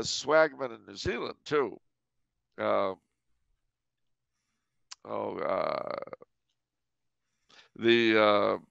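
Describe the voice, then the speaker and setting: The podcast host is a man whose medium-pitched voice is creaky with a fairly bright tone and no echo. Captured in dry, dull lo-fi sound, he tells stories wryly and digressively in casual conversation.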